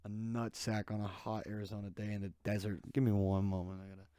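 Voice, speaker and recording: Young guy ranting solo on his podcast, sarcastic, all over the place, dark mellow tone, dry sound. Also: lowish voice, level tone, fast, smooth, dry recording. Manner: rambling, sarcastic, jumps between tangents. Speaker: podcast host. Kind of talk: casual solo podcast rant. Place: small hot room. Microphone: desk microphone.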